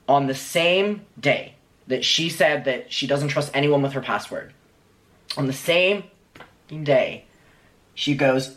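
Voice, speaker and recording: A man's voice: on the high side, measured pace, fairly bright tone. Earnest man retelling his story. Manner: earnest retelling, reading out messages. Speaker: former fan recounting events. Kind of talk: recorded personal account played in clip.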